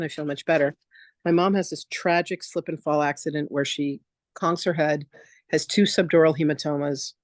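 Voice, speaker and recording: A woman with a medium voice hosts a live online class and tells her story casually. She jumps into quoted voices with lively energy. The sound is dry and close, like a computer mic on a video call. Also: sits low, dry recording. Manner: chatty, animated, acts out quotes in a lively voice. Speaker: spiritual teacher hosting a free online masterclass.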